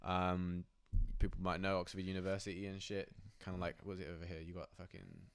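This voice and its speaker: A man's voice: sits low, level tone, fairly quick, gravelly, clean tone, no echo. A young man with a posh London accent, chatting loosely in an interview, full of slang, swearing and fillers. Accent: posh London English. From England. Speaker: rapper and guest. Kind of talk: casual interview chat.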